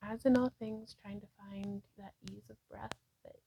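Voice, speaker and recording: A woman's voice: medium pitch, normal speed, vocal fry, a little hiss or hum, low-quality recording. A woman leading a yoga practice, cueing breaths and poses, sometimes breathless and laughing at herself. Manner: laughs at herself, relaxed and chatty between cues. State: out of breath at times. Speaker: yoga instructor. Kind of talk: guided yoga practice, self-talk. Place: indoors at home by a wall.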